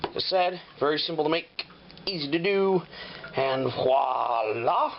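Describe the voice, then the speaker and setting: Swearing, rambling home cook, lo-fi. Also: male voice, fairly high pitch, measured pace. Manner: rambling, swears freely, loose and offhand. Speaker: home cook and show host. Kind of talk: casual cooking demonstration. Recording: dull lo-fi audio with clear noise.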